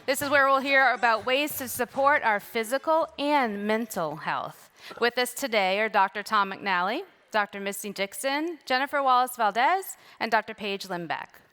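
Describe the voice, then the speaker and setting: Bright high-voiced woman emcee. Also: moderate pace, hardly any pauses, soft background music. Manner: playful, laughing. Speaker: conference emcee. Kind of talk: event introduction. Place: conference stage.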